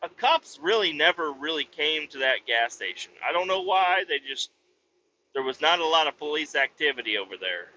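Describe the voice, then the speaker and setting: Guy rambling through a cussing story on his podcast, pitch a bit up, kinda lo-fi sound. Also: sing-song, normal speed, sharp tone, a little hiss or hum. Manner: profane, rambling anecdote with restarts. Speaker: podcast host. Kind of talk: casual storytelling.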